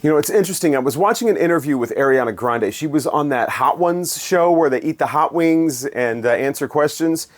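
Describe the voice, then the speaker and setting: Dude ranting about old albums, sarcastic and rambly, voice sits a bit high. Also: male voice, lively intonation, brisk, hardly any pauses. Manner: sarcastic, dismissive, digressive. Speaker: album reviewer. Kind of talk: casual spoken review monologue.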